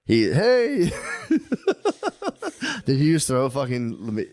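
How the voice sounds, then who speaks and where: A man, co-hosting a casual comedic podcast, rambling and profane, loudly acting out the things people say. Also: medium pitch, fast talker, dry recording. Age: 30s. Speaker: podcast co-host.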